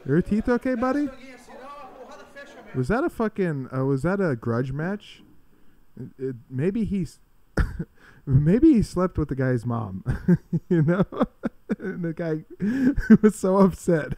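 A man narrating fight clips on a casual live stream, his pitch bouncing widely from low mutters up to shouts. He swears freely and laughs a lot, yet his words come at an unhurried pace from a fairly high voice. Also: dry recording. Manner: profane, laughs often, breaks into excited shouting. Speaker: streamer commenting on fight videos.

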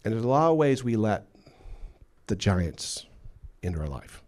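Pastor guy preaching, deep warm voice, really emphatic. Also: big pitch swings, measured pace. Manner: emphatic, acts out quotes. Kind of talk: sermon. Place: church.

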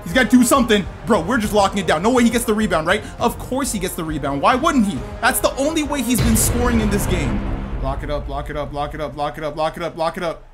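A man giving lively commentary over his own basketball video game match, talking to himself and his viewers and breaking into sudden shouts. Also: high voice, fast, over music. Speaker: gaming YouTuber. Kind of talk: live gameplay commentary.

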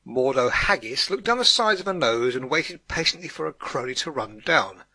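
A man giving a steady scripted audiobook narration. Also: mid-range voice, normal speed, husky, no room sound. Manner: steady storytelling read.

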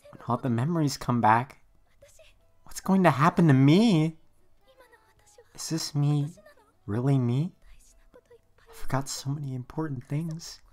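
A woman's voice: low voice, measured pace, long pauses, darkish tone. Emilia, a hurt young half-elf girl. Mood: quiet troubled. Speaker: anime dub character. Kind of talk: anime dub acting.

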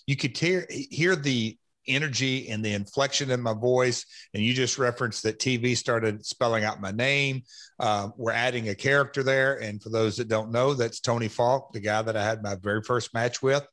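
A middle-aged man who hosts a podcast, recalling old days in an animated, rambling way. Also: medium pitch, moderate pace. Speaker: podcast host and former wrestler. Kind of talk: casual podcast chat.

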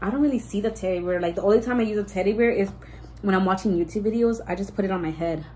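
A woman's voice: mid-range voice, racing, dark tone, a little hiss or hum, low-quality recording. A pregnant young woman chatting casually to her viewers, rambling with lots of "like" and restarts and slipping Spanish words in. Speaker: vlogger. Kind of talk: casual storytime chat.

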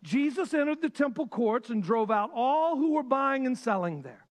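A male pastor preaching a sermon with passion, swinging between loud bursts and hushed lines. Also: extremely high pitch, big pitch swings, moderate pace.

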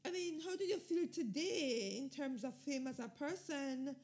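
A woman hosts a podcast and asks gentle, affirming questions. Her voice is high, with a gravelly edge of fry. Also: moderate pace. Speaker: podcast host. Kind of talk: interview questions.

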